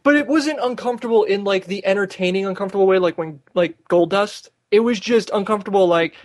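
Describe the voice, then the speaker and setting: A man's voice: high voice, fast talker, no echo, studio quality. A man hosting a casual podcast, wisecracking and cutting in with one-liners. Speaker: podcast host. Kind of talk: casual chat.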